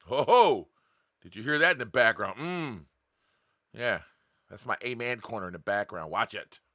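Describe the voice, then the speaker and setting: Brief: casual male podcast host, blunt and profane, bright forceful tone, dry close sound. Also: fairly low pitch, animated, normal speed, dry recording. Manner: blunt, profane, talks straight to viewers with rhetorical questions; acts out voices of others in quotes. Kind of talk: casual unscripted monologue.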